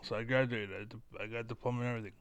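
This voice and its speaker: A self-assured man rambles bluntly to his audience, circling back and restating his points. His voice is smooth and clean. The sound is dry and close, with no room around it. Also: mid-range voice, level tone, very fast, fairly bright tone, no echo. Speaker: online commentator. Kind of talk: casual monologue to camera.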